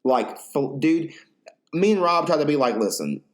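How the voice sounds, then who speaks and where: A man's voice: a little high, measured pace. A young man hosting a podcast, telling a story in a rambling, profane casual chat full of fillers. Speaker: podcast host.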